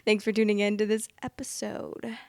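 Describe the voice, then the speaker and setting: A young woman hosts a storytime show, reading stories aloud and then reacting in expressive, exasperated asides. Her voice sits in a middle pitch. The sound is dry and close, with no room around it. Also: moderate pace, dry recording. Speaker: host.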